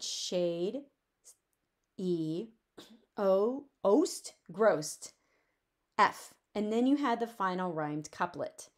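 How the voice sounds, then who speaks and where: A woman teacher giving a recorded lecture on poetry, explaining clearly and reading verse aloud slowly. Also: medium pitch.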